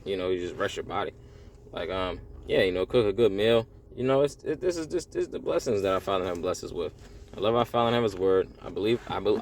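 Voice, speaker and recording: A man with a very low, deep voice talks in an earnest, rambling way about faith, circling back on phrases and tossing in "bro" a lot. Faint outdoor sounds and passing vehicles sit behind him. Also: slight background noise. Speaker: religious vlogger. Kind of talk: casual spiritual monologue.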